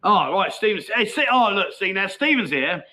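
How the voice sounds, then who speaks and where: A man in his middle years hosts a loose livestream, his voice sitting high and sounding bright and forward. He talks in a matey, easygoing way, laughs often and reads viewer comments aloud as he goes. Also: very animated, normal speed, rough recording. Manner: chatty, matey, laughs easily. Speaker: livestream host. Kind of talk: casual livestream chat reading comments. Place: Pattaya, outdoors.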